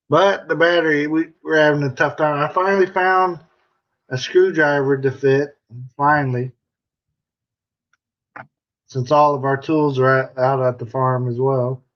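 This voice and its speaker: Slow-talking American man on a live stream. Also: fairly high pitch, steady tone, highs cut off. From United States. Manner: chatty and joking, reading comments aloud. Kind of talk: casual live-stream chat.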